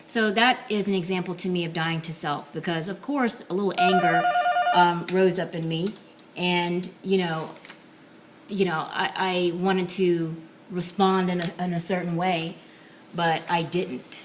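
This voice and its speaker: Soft-spoken woman vlogger, pausing often. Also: on the low side, fairly even intonation, noisy background. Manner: soft-spoken, many ums and pauses. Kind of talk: casual reflective talk to camera.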